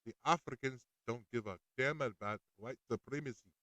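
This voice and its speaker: A man putting on the voice of a boastful male African street vendor with a loud, bragging sales pitch. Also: normal speed, no room sound, close to an everyday voice.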